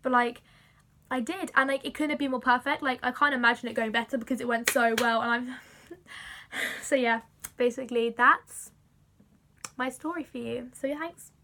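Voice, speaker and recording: A young woman excitedly telling a story to camera, gushing and full of fillers. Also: fairly high pitch, normal speed, long pauses, a little hiss or hum. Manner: breathless, gushing, many fillers like "like". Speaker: vlogger.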